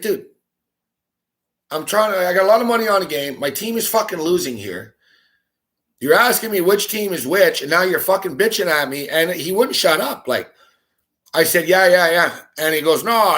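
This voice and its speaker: A male sports talk host tells a story in a casual, exasperated rant. He swears freely and laughs often as he talks. His voice sits a little higher than most men's. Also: a bit bright. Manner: profane, exasperated ranting with frequent laughs.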